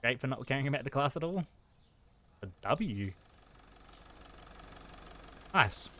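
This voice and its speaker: A young man streaming a shop game, talking fast and frazzled to his customers and himself. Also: mid-range voice, lively intonation, fairly bright tone. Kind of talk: live-streamed gameplay commentary.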